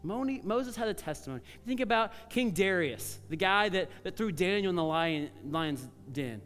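A male pastor preaching a sermon, telling stories in a conversational way and dropping to soft, earnest tones. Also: high-pitched, expressive, moderate pace, big-room sound, soft background music. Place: church sanctuary.

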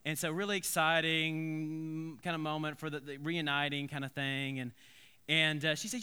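A man preaching from the pulpit with a crisp, bright voice that sits a bit high. He tells stories in an animated, conversational way, full of asides and restarts. The sound rings with the long reverb of a church hall. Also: normal speed. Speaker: pastor. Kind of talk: storytelling sermon.

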